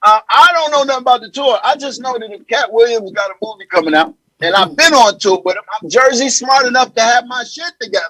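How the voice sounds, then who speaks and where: Husky high-voiced male comedian. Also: a little fast, few pauses, no echo, low-quality recording. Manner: loose, animated storytelling. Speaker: comedian guest. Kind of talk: casual interview chat.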